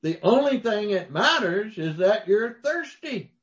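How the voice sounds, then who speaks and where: A man's voice: sits high, big pitch swings, unhurried, fairly bright tone, lo-fi sound. A man preaching a sermon, telling folksy stories with emphatic rises. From Mississippi, US. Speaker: pastor.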